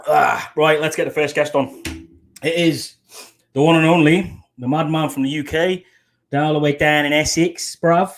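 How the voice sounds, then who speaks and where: A man's voice: on the high side, steady tone, moderate pace, a little hiss or hum. A British man hosting a casual live stream, bantering, swearing and laughing with guests. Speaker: livestream host. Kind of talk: casual livestream chat.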